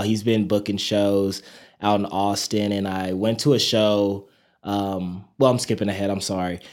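A man in his thirties, a nurse and interview guest, telling stories in a casual, animated way with many fillers. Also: fairly low pitch. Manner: animated storyteller, quotes people in lively voices, many fillers.

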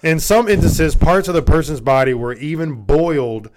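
A man's voice: fairly high pitch, moderate pace, darkish tone, slight background noise. A man co-hosting a casual podcast, reading notes aloud, stumbling over words and swearing freely. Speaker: podcast co-host.

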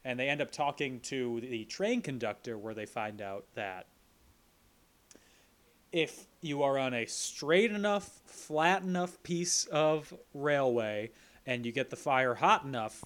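A man's voice: mid-range voice, measured pace, a bit bright. A man co-hosting a podcast, recapping a movie plot in casual chat with playful jokes. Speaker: podcast co-host.

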